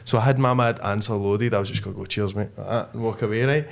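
Podcast host, deeper voice, slangy rambling talk. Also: male voice, quick pace, gravelly. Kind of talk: casual chat.

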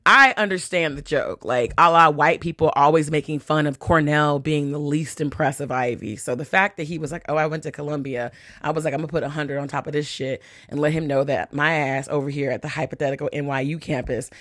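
A woman's voice: sits low, fairly even intonation, brisk, few pauses, fairly bright tone, dry recording. Chatty, profane woman telling a story. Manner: chatty, profane, heavy use of "like", acts out quotes. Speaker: podcast host. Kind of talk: casual storytelling. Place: New York City.

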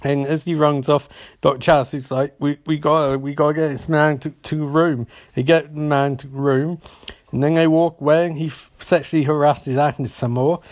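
Casual male movie recapper, slightly high voice, sweary and jokey, acts out the characters' lines. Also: a little mellow.

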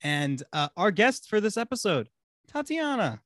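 Young male podcast host, laughs constantly, lively up-and-down voice, dry close sound. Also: sits high, moderate pace, dry recording. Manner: giggly, laughs through his own jokes. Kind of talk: casual podcast chat.

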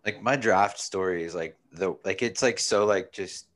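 A man's voice: sits low, moderate pace, fairly bright tone. A man in his thirties, a guest telling stories casually and rambling with lots of fillers. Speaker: guest, pro baseball pitcher. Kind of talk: casual storytelling.

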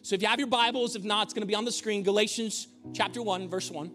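A male pastor delivers a sermon in a church with a high, light voice. His preaching is conversational and broken up by humorous asides. Faint music plays under him. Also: fairly even intonation, quick pace, a bit bright. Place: church auditorium.

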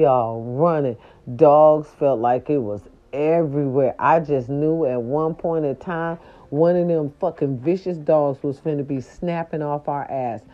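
Profane older woman telling a wild story. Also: low voice. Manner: animated, profane, addresses viewers as y'all. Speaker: storyteller vlogger. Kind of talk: casual storytelling to viewers. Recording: dull lo-fi recording.

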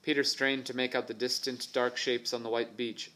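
A man narrating an adventure novel for an audiobook in a steady, even storytelling manner. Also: medium pitch, moderate pace. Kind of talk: scripted narration.

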